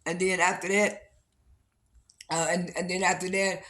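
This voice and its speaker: A man casually retelling a reality show episode, rambling and halting with lots of repeated fillers and restarts. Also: high-pitched, little pitch movement, bright, forceful tone. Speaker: vlogger recapping a reality show. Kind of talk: casual spoken recap.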